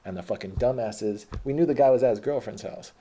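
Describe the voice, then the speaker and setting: A man's voice: medium pitch, a little fast, warm tone. A man telling a personal story in a casual, rambling, profane way, often stopping to correct himself.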